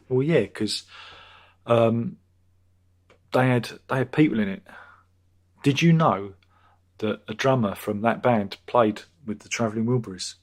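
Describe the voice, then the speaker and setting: A man's voice: mid-range voice, takes it slowly, pauses often. Man, fifties, live-stream host, rambling, jokey, crude asides. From Britain. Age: 50s. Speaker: livestream host. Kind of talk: casual live-stream chat, reading out viewer comments.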